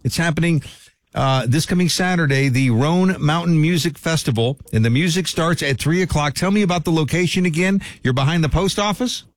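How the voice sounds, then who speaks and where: A male radio host talks in a friendly, upbeat manner with a guest on the line. His voice sits high for a man. The studio sound is dry and close. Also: a little fast, no room sound. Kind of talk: casual radio interview.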